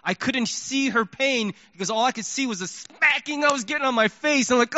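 High, bright-voiced pastor preaching. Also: male voice, a little fast, few pauses, dry recording. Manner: animated storytelling, acts out his own thoughts. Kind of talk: sermon. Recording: dull lo-fi sermon recording.

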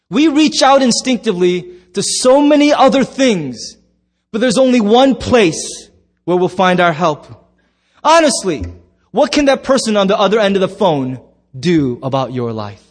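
A man pastor preaching a sermon in church, telling stories with animated voices and sudden shouts. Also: high-pitched.

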